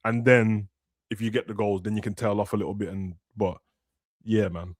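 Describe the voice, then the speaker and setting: A man's voice: on the low side, level tone, normal speed, no room sound, studio quality. A young man, chatting casually about football and acting out players' words in slangy talk. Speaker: football podcast host. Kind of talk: casual chat.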